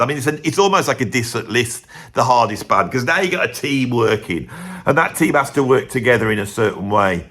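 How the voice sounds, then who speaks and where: On his own channel, a male host with a medium-pitched, slightly bright voice rambles through a chatty opinion monologue packed with tag questions. His intonation is lively and his speed normal.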